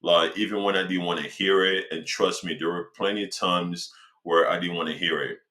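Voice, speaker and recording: A man with a low, deep voice talks to his viewers in a relaxed, slangy way. He gives motivational life advice and stretches out words to stress them. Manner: slangy, conversational, slows for emphasis. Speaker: self-help speaker. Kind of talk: casual motivational talk.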